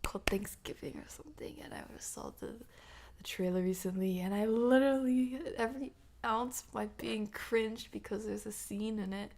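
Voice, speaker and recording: A woman's voice: medium pitch, moderate pace, gravelly, a little mellow. A woman with a stuffy nose chatting on a livestream, often dropping into a half-whisper, giggling as she reads and answers chat. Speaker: ASMR streamer.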